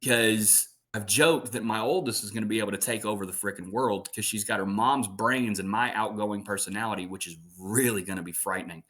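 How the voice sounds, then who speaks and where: A man in his thirties, a voice actor guesting on an interview, telling family stories in an animated, chatty way. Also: lowish voice, a little fast, few pauses. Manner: animated storyteller. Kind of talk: casual interview chat.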